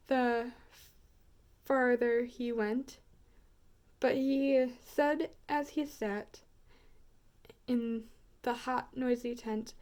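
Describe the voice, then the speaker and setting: A woman storyteller reading a rhyming picture book aloud, expressive and rhythmic. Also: a little high, very slow, pauses often.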